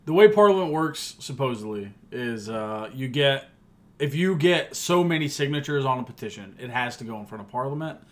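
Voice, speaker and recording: A man's voice: medium pitch, lively intonation, normal speed. A man from the United States co-hosting a sports podcast in a laid-back, joking way of casual chat. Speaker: podcast co-host.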